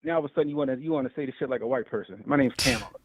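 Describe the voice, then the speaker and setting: A man's voice: mid-range voice, dry recording. A man calling in to a talk show, ranting heatedly and profanely about a debate. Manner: profane, animated, fast-talking. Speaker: caller. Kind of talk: heated call-in rant. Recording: tinny phone line.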